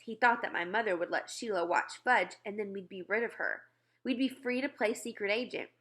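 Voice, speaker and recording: A woman reading a children's novel aloud in an expressive storytelling manner. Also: mid-range voice. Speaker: reader.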